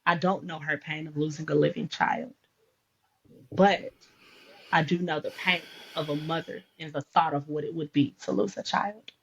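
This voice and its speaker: A woman in a faith podcast conversation, an animated storyteller who acts out the dialogue she recounts. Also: low-pitched, moderate pace, vocal fry, breathy edge, lo-fi sound.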